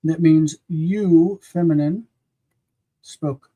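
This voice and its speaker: A man leads an online class in a somewhat high voice, affirming his students' answers and gently correcting how they pronounce words. He sounds like he is on a video call. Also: fairly even intonation, drawn-out words, rough recording. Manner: encouraging, gently corrects pronunciation. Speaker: teacher.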